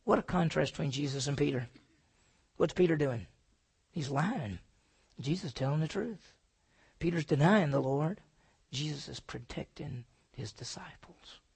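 A man preaching a sermon, swinging from loud emphatic lines to hushed, near-whispered ones and answering his own questions. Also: a little high, expressive, a little slow, creaky, long pauses, breathy edge. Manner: asks the congregation questions and answers them himself. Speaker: pastor.

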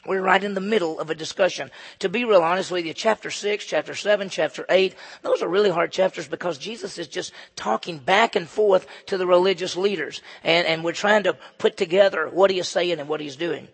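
A man preaching a conversational, emphatic sermon as pastor, swinging between loud and soft. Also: sits high, a little fast, few pauses, husky. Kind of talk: expository sermon. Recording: long hall reverb.

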